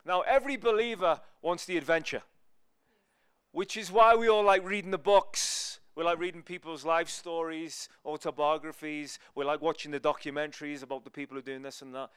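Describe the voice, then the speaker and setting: Storytelling man preaching, smooth, higher voice. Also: steady tone, fairly quick, no echo, studio quality. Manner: conversational, storytelling, swings between loud and hushed. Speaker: guest preacher. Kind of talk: sermon.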